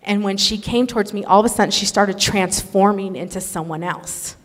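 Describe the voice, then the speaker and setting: A woman telling an emotional religious testimony in an earnest, animated storytelling manner. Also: medium pitch, moderate pace. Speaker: speaker sharing a testimony. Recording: echoey hall.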